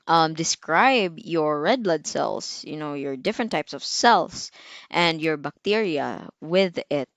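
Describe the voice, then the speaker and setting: A young woman with a Filipino accent gives a recorded lecture in a low voice. She talks slowly and chattily, with many fillers and little asides, and now and then quizzes her students. The sound is dry and close. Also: dry recording. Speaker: medical technology teacher.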